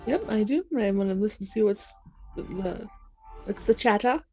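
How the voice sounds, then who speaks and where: Female player, brief replies, mellow dark tone. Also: medium pitch, lively intonation, normal speed, faint music behind. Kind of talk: tabletop game chat.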